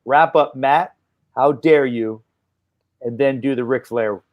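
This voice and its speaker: A man hosting a casual chat, loose and rambling, with sentences that trail off. His pitch sits squarely in the middle of the male range. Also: slow, darkish tone. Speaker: host.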